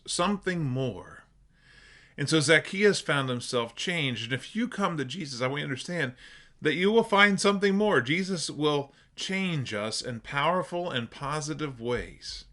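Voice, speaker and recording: A man's voice: mid-range voice, lively intonation, bright, forceful tone. Earnest male pastor preaching. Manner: earnest, emphatic with slow stressed phrases. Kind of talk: sermon.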